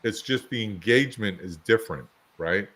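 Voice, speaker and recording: A man's voice: lowish voice, normal speed, a bit bright. A man co-hosting a podcast, rambling through casual anecdotes and examples in a chatty conversational way. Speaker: podcast co-host.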